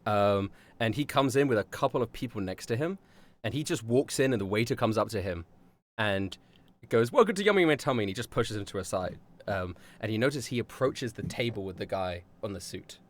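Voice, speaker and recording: A man's voice: lowish voice, a little fast. A man running a tabletop game as dungeon master, narrating loosely with lots of fillers and laughter.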